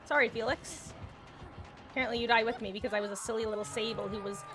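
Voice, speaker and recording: A woman's voice: on the high side, fairly even intonation, fast talker, a bit bright, soft background music. A woman streaming herself playing a game, with playful, goofy commentary and frequent laughter. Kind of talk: livestream gameplay commentary.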